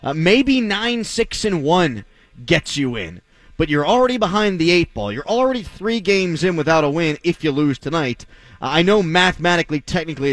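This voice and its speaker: Sports radio host, male, fairly high voice with animated swings, bone-dry studio sound, blunt and sarcastic. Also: normal speed, no room sound. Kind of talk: opinionated sports talk radio monologue.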